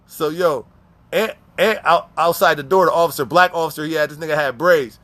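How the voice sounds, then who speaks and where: A man casually telling prison stories in heavy profane slang, animated, with frequent restarts and repeats. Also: fairly high pitch, a little fast. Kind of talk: casual storytelling.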